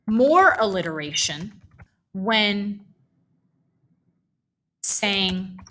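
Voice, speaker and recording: A woman teaching a writing lesson, thinking aloud as she slowly drafts a paragraph sentence by sentence. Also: medium pitch, lively intonation, fairly bright tone, slight background noise, low-quality recording.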